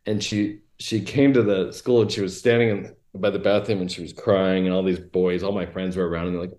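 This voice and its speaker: A man talking as a podcast guest, telling blunt, animated stories with lots of fillers. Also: deep voice, a little fast, hardly any pauses, reverberant. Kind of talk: casual storytelling chat.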